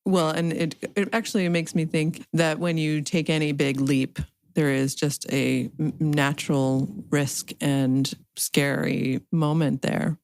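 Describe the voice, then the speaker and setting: A woman's voice: deep voice, flat delivery, a little slow, gravelly, a little mellow. A woman hosting an interview podcast, a supportive listener who affirms her guest and asks thoughtful follow-up questions. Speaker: podcast host.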